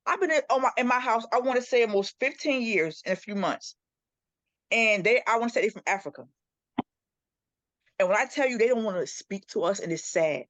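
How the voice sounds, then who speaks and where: A woman's voice: on the high side, lively intonation, brisk, dry recording, lo-fi sound. A middle-aged woman, a podcast co-host, telling a story in a casual group discussion and acting out the voices she quotes.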